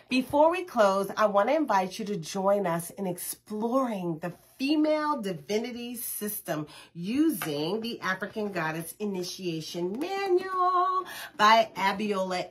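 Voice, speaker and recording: A woman's voice: fairly high pitch, a bit bright. A woman, hosting a spiritual oracle card reading and speaking in an earnest, encouraging, affirming way. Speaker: host, intuitive healer.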